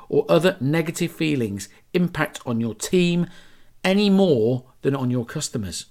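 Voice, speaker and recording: Male podcast host, slightly higher voice, chatty and emphatic, fond of asides. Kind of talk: solo podcast talk on branding.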